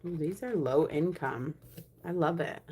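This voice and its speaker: Chatty woman counting cash softly. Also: sits low, a little slow, heavy background noise. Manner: chatty, counts aloud, often drops to a soft murmur. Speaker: budgeting vlogger. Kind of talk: casual chat while counting cash for savings challenges.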